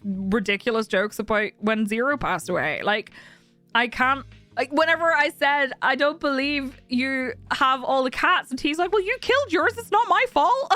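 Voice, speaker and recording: A woman's voice: sits high, bright, forceful tone. A young woman streaming and chatting casually with viewers, candid and talkative, laughing often.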